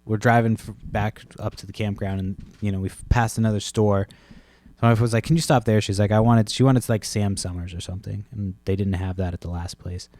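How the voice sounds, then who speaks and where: Podcast host with a chest cold, a low-pitched man in his thirties telling a rambling, cursing story, dry close mic. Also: level tone, brisk, darkish tone, no room sound. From Massachusetts, USA. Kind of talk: casual rambling monologue.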